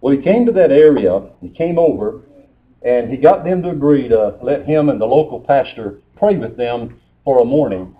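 Male preacher, mid pitch, folksy sermon delivery, narrow tinny phone-like audio. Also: lively intonation, normal speed. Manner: folksy storytelling with scripture quotes.

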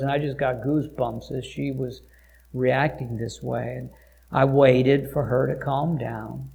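A male pastor preaches through a personal story, hesitating often and circling back over his words. His voice has a gravelly, creaky edge. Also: medium pitch, fairly even intonation, slow, a little mellow. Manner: hesitant, frequent filler sounds and restarts. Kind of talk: storytelling sermon.

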